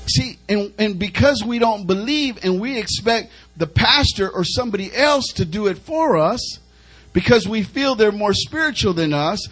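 A man's voice: high-pitched, expressive, normal speed, a bit bright, low-quality recording. A male preacher delivering an emphatic sermon, repeating phrases as he urges the congregation on. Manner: emphatic, repetitive, urging the congregation.

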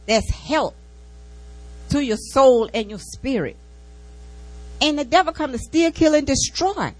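A woman's voice: high-pitched, rough recording. A woman preaching an informal sermon and sharing a personal testimony, in a folksy way that repeats key lines and breaks into laughter between phrases. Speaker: church speaker giving a testimony.

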